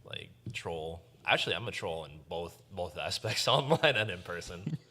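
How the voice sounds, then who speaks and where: A man's voice: deep voice, lively intonation, moderate pace, bright, forceful tone, slightly rough. A man chatting casually on a gamer podcast, often laughing as he tells stories.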